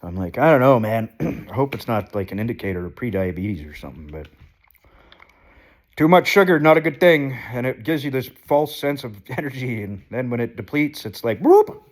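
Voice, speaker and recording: A man with stuffed-up sinuses talks into a phone held in his own hand, sick and trembling. He rambles in a casual, sweary, self-mocking way, and his pitch sits in a middling range. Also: very animated, normal speed. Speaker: vlogger. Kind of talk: casual confessional vlog. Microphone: handheld phone.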